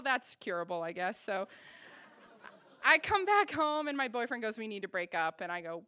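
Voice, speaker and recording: A woman's voice: on the high side, sing-song, moderate pace, bright, forceful tone, clear, resonant tone. A woman in her twenties telling a funny personal story on stage, acting out the dialogue with self-deprecating humor.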